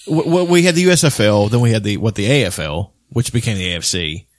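A man's voice: fairly low pitch, expressive, fast, dry recording, clean studio sound. A man in casual podcast chat, telling rambling stories full of restarts and swearing. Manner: rambling storyteller, swears often, many restarts.

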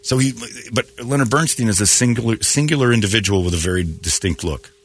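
A man's voice: fairly low pitch, fast talker, breathy edge. A man hosting a morning radio show, ranting bluntly and joking in opinionated banter.

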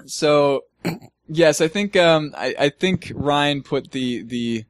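A man's voice: fairly high pitch, takes it slowly, no echo, studio quality. A young man co-hosting a podcast in casual chat, rambling with many fillers and frequent laughs. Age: young adult. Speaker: podcast co-host.

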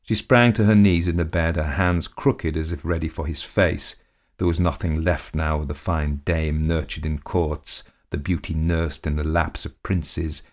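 A man reads a period story aloud with measured, dramatic delivery. His voice is very deep, sitting in the lowest register. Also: fairly even intonation. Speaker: narrator. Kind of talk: scripted story narration.

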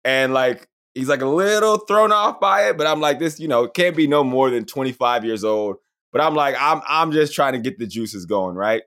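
A man co-hosting a casual podcast, spinning a story with animated, voice-switching quotes. His voice sits in a middle register and moves around a lot as he acts out the other people. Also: mid-range voice, normal speed. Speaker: podcast co-host. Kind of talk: casual chat.

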